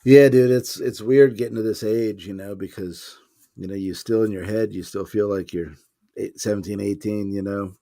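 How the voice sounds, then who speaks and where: A man's voice: on the low side, steady tone, normal speed, mellow. A man co-hosting a podcast, mostly chiming in with short agreements. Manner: supportive listener, short agreements. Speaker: podcast co-host. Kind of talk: casual chat.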